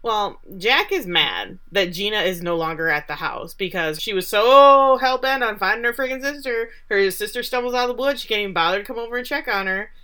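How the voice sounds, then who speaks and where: A young woman co-host recaps a show with sarcastic asides. Her voice is bright and sits at a middle pitch. She talks casually and keeps the recap moving. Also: a little fast, few pauses, smooth. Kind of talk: casual chat.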